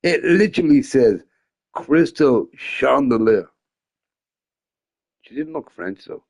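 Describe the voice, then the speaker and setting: A man's voice: mid-range voice, animated, slow pace, a little mellow. A young man chatting casually on a gaming stream, rambling, swearing freely and often breaking into laughter. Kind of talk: casual live-stream chat.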